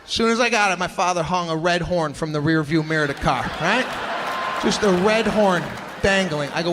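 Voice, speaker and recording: Animated high-voiced man doing stand-up. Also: fairly quick, noisy background. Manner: animated, shouting punchlines, acting out family members. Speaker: stand-up comedian. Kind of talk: stand-up comedy. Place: stage in a large theater. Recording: live hall with loud ambience. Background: audience laughter.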